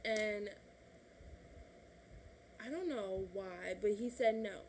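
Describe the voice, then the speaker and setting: Slow and a little mellow, with medium pitch, a twenty-one-year-old woman from Illinois vlogs to her camera about something personal, laughing frequently and acting out what her family said. A little hiss or hum sits under the audio.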